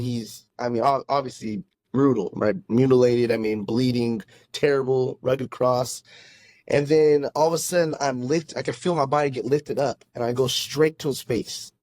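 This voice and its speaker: A pastor telling his own faith story in a podcast conversation, earnest and halting, often restarting his sentences. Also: mid-range voice, fairly even intonation, a little mellow, no echo. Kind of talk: casual testimony in a conversation.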